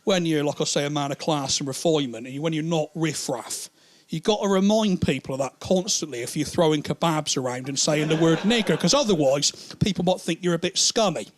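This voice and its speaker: A male stand-up comedian telling long anecdotes in an animated, rambling way, crude and quick to swear. His voice sits a little higher than most men's. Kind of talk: stand-up storytelling.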